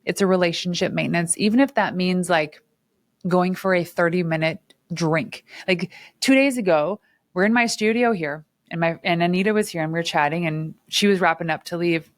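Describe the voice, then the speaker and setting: A woman in her forties with a fairly low voice talks candidly and with animation, as if straight to camera. The sound is close and dry, with no room around it. She sometimes acts out quoted dialogue. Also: normal speed, no echo. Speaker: entrepreneur and channel host. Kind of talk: casual talk to camera. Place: her studio.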